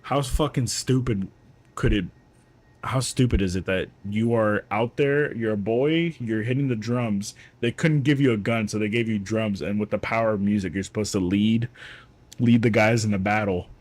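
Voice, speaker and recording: A male gaming streamer with a somewhat low voice, chatting loosely as he plays. He rambles from one joke to the next, swearing freely in a relaxed, offhand way. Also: normal speed. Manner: rambling, profane, joking. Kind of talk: casual chat while playing.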